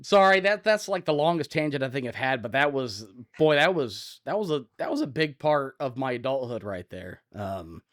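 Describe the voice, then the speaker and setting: A man around forty from Ohio, co-hosting a podcast and telling loud, animated stories in casual chat. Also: medium pitch, normal speed, hardly any pauses. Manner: loud, animated storyteller, acts out scenes. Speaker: podcast co-host.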